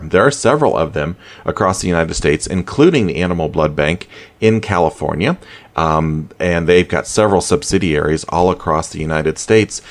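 A man hosting a pet radio show, chatting in a casual, animated way with chuckling asides. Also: low-pitched. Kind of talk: casual podcast talk.

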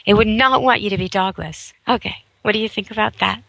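A woman's voice: medium pitch, fairly quick, creaky, sharp tone, dry recording, rough recording. A woman hosting a radio talk show, giving earnest, persuasive advice in long flowing runs.

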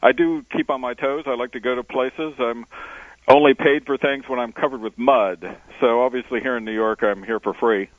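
A male explorer and author, a guest on a radio interview, telling adventure stories in a relaxed way with many "uh" fillers, heard over a phone line. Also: mid-range voice, normal speed, dry recording. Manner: relaxed storyteller with frequent uh fillers. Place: on location, not in studio. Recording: dry tinny phone line.

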